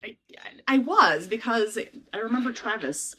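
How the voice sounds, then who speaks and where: A woman's voice: fairly high pitch, lively intonation, measured pace, crowd noise. A woman in her forties, the host's older sister, trading wry, profane memories in a casual chat. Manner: wry, profane, laughs easily.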